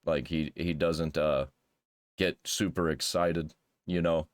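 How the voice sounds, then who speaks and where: A man's voice: a bass voice, fairly even intonation, takes it slowly. A man hosting a reaction commentary, talking bluntly and crudely in a rambling, casual way with frequent restarts. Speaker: commentary host.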